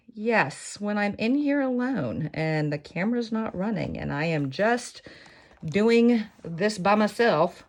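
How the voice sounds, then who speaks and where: Rambling, jokey woman, lowish voice. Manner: rambling, self-mocking, jokey asides. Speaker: sewing tutorial host. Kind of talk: casual chatty craft tutorial.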